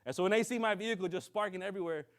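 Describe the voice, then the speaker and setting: A man preaching to a congregation. He tells a story with lively, acted-out dialogue and keeps checking in with his listeners. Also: high voice, very fast, smooth. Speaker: minister. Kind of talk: sermon storytelling.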